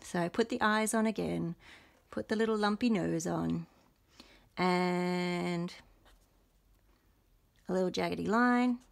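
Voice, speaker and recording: A young adult woman walks through a drawing lesson at an unhurried pace. Her voice carries a noticeable gravelly fry. She explains each step gently and encouragingly as she sketches. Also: lowish voice. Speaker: illustrator leading a workshop. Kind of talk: drawing tutorial for teachers.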